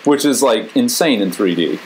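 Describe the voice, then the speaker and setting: A man co-hosting a casual chat, telling stories with lively jumps into high excited voices. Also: normal speed, slight background noise, low-quality recording. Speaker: co-host.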